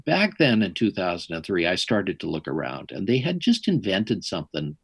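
A middle-aged man, an interview guest, telling his story in an animated, wry way. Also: sits low, moderate pace, gravelly, breathy edge, no echo.

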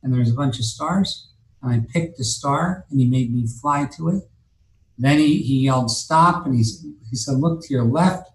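A man's voice: medium pitch, moderate pace, darkish tone, echoey room, rough recording. A man telling a long personal story as an interview guest, rambling and cursing, with many fillers and restarts. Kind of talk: casual storytelling.

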